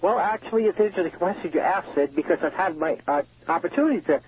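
Over a muffled payphone line, an incarcerated man phones in with a high, fast voice and a faint hiss or hum behind him. His testimony is heartfelt and emotional, broken up by frequent restarts.

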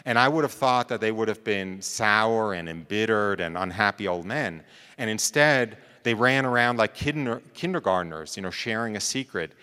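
Pushed, bright and smooth, the man's lowish voice has lively intonation and a normal speed, echoing in a big room. He recounts a personal story conversationally, often turning to the audience with "right?" and "you know".

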